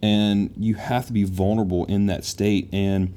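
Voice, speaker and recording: A man's voice: fairly low pitch, flat delivery, moderate pace, dark tone. A man hosting a casual conversation, speaking in an earnest, reflective way.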